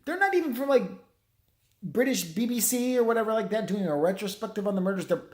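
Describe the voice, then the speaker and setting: A man's voice: sits high, lively intonation, fast talker. A man giving a casual, rambling movie review, swearing freely and acting out characters' lines. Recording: echoey room.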